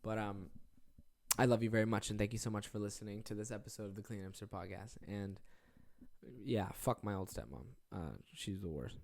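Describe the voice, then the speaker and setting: A man's voice: fairly low pitch, a little fast. A young man hosting his own podcast alone from his office, rambling casually with lots of swearing and self-deprecating asides. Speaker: podcast host. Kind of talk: casual solo podcast chat.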